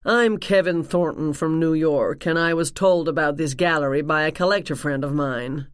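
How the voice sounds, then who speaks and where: Confident male buyer, smooth and cagey, read by a woman narrator, dry close recording. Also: sits low, normal speed, no room sound, close to an everyday voice. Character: man playing a rich art buyer.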